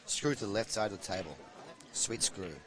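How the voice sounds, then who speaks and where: A man's voice: on the low side, moderate pace, fairly bright tone, some chatter behind, poor audio. A young adult man giving chatty, jokey live commentary on a pool match.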